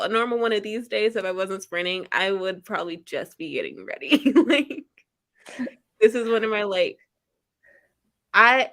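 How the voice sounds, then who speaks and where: A woman's voice: medium pitch, a bit bright. A woman hosting a casual reading-sprint stream from home, chatting in a rambling way and laughing often. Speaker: livestream host.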